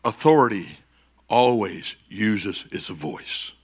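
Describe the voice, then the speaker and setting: A man preaching a conference sermon as pastor, swinging between shouted peaks and hushed, quiet passages. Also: fairly low pitch, expressive, slow pace, slightly rough. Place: church conference stage.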